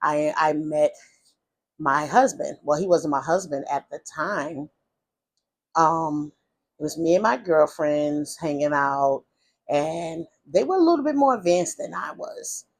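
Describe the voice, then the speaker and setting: A woman's voice: sits low, lively intonation, a little slow, breathy edge. Rambling woman telling her life story. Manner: rambling, with many restarts and repeated "whatever the case may be". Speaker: vlogger. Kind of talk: storytime, casual personal storytelling.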